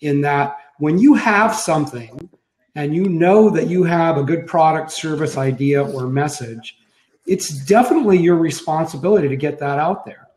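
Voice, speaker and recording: Man, middle-aged, slightly high voice, co-host, reflective, easygoing, echoey room. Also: normal speed, darkish tone. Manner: easygoing, reflective, many restarts. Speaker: co-host, sidekick to the main host. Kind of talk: casual live web chat.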